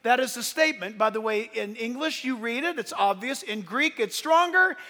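A man's voice: very high voice, animated, normal speed, bright, forceful tone. A man preaching a sermon as pastor, emphatic, sometimes speeding up and raising his voice. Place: church. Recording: long reverb of a church hall.

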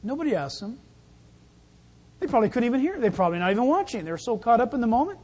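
A pastor giving a sermon in an animated, jokey way, acting out the scenes. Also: medium pitch, quick pace, husky.

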